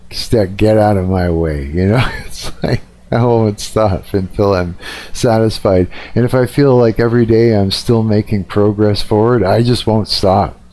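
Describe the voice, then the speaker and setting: Sounding a bit tired, a male livestreamer rambles casually and curses freely, often restarting his sentences. He has a fairly low, warm voice.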